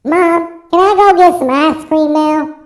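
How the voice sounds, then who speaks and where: A man's voice: very high voice, a little slow, pitched above the performer's own voice. A man voicing a young country boy with a put-on country accent, pleading with his mother in a comic skit. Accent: Southern US country, put on. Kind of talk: comic skit in a vlog rant.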